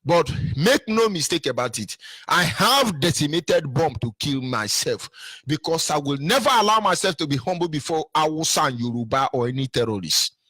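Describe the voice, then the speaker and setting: A man's voice: a little high, animated, moderate pace, sharp tone, no echo. An older man with a Nigerian accent, delivering an impassioned political monologue with emphatic repetition and sing-song rises. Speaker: political commentator.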